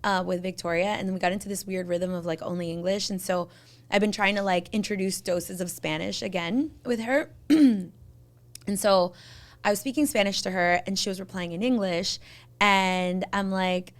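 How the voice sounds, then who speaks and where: A young woman co-hosting a casual podcast, playful and quick to laugh and agree. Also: mid-range voice, fairly even intonation. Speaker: podcast co-host. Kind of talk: casual chat.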